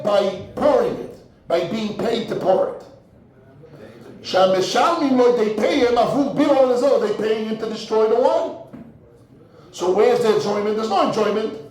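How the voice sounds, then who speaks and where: High-voiced rabbi teaching talmud, super echoey room, keeps repeating words, tosses in hebrew terms. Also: male voice, darkish tone. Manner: mixes Hebrew and Yiddish terms, repeats words while thinking. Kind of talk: in-depth Talmud lecture.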